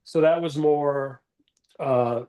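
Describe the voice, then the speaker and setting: Calling in from the bathroom of his home, a male actor in his forties tells rambling, self-deprecating stories of his acting career in casual interview talk. He speaks slowly, with a high-leaning pitch and a dark tone.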